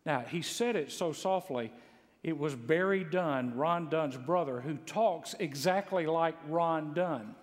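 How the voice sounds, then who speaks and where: A pastor from Mississippi preaches in a high voice, spinning folksy, funny stories that swell into loud exclaims. His words ring out with a long reverb, as in a large church sanctuary. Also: slow. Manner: folksy storytelling with humor, builds to loud exclaims. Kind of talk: sermon. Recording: long echo of a large hall.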